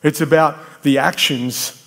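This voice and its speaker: A man's voice: fairly high pitch, fairly even intonation, a little slow. Man preaching a conversational sermon. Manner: conversational, repetitive emphatic phrasing; bantering with the congregation by name.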